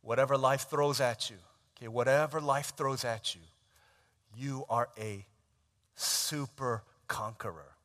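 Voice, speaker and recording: A man preaching a sermon, retelling a film scene in a conversational way, dropping to a hush and rising to loud emphasis. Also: mid-range voice, fairly even intonation, a little slow. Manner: conversational storytelling, swings from hushed to shouted. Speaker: pastor.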